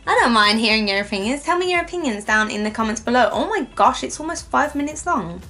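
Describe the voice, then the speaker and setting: A woman's voice: fairly high pitch, fast talker. Gushing young woman, faint music. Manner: gushing and excitable, rambling with many fillers. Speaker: reaction video host. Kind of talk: casual reaction commentary. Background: music playing faintly.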